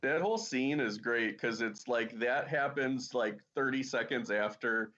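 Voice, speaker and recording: A man's voice: medium pitch, measured pace, bright, forceful tone. Guy rambling on a podcast, lots of likes, kinda muffled audio. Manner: laid-back, rambling with many "like"s. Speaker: podcast guest. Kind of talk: casual chat.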